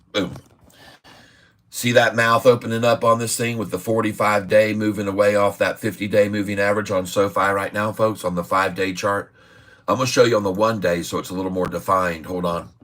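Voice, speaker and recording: A middle-aged man hosts a casual stock-market livestream, rambling and joking as he drifts between charts and side topics. His voice sits a little low but comes across bright and forceful. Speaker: day-trading livestream host.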